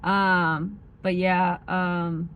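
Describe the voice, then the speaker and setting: A woman with a faint Midwestern accent talks casually in a fairly low voice. She rambles, packing her speech with "like" and "um". A soft hiss of noise sits under the recording. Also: little pitch movement, drawn-out words, muffled recording. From United States. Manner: rambling, heavy use of like and um. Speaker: vlogger. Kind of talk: casual chat.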